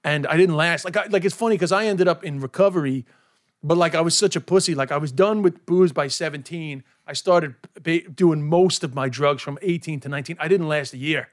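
A man's voice: fairly high pitch, fairly quick, no room sound, clean studio sound. A man with an American accent, a comedian talking as a podcast guest in a frank, self-mocking way with plenty of swearing. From New York, USA. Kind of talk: candid casual chat.

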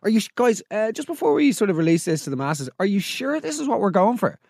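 A man's voice: high-pitched, big pitch swings, fast, vocal fry, darkish tone, no room sound, studio quality. Sarcastic man roasting. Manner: sarcastic, incredulous, acts out little scenes. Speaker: podcast host. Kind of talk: comedic roast commentary.

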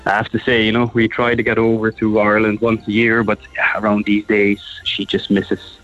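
A man's voice: fairly low pitch, completely flat delivery, fairly quick, fairly bright tone, dull audio. A Dutch man calling in to a radio show, friendly and agreeable, often repeating his words. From Netherlands. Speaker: caller. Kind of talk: casual phone-in chat. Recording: faint music behind the call.

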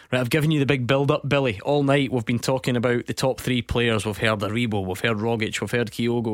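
A man hosting a football phone-in on the radio, brisk and upbeat. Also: mid-range voice. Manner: brisk, upbeat, steering the talk. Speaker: radio sports host.

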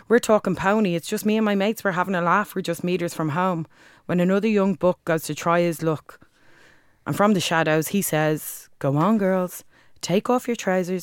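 A woman with a Dublin accent performs a rhythmic spoken-word poem with forceful, crude language. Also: fairly low pitch, smooth, no room sound, studio quality. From Ireland. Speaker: guest, spoken word artist.

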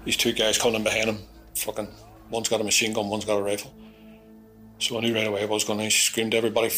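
A man's voice: on the low side, very fast, faint music behind. Profane Belfast man telling a story. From Belfast, Northern Ireland. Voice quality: blunt, profane, animated retelling with acted-out quotes. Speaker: interviewee recounting his past. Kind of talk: vivid storytelling, heavy swearing.

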